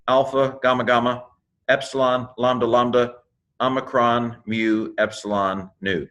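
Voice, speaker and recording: A man teaching New Testament Greek in a casual video lesson, naming the letters one at a time with fillers and quick asides to the viewer. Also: mid-range voice, a bit bright. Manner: spells out Greek letters one by one, with many fillers and self-corrections.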